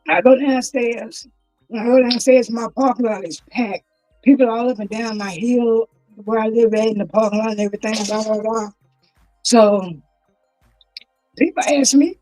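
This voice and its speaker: A woman's voice: on the high side, normal speed, mellow, soft background music, low-quality recording. A woman telling of her son's death in a plain, storytelling way, acting out what the police said to her. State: grieving, voice rising with distress. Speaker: guest, grieving mother. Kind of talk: personal testimony in an interview.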